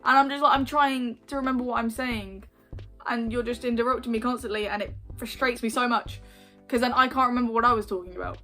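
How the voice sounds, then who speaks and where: A woman's voice: a little high, steady tone, quick pace, bright, forceful tone, soft background music. A young woman vlogging at home on camera, giggly and teasing as she chats with her mum. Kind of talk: casual chat on camera.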